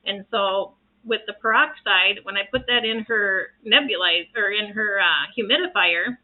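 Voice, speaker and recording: A woman's voice: mid-range voice, moderate pace. A woman who practises reiki talks casually to camera in an earnest, rambling way, restarting her sentences often. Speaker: reiki practitioner sharing home remedies. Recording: tinny phone-like sound.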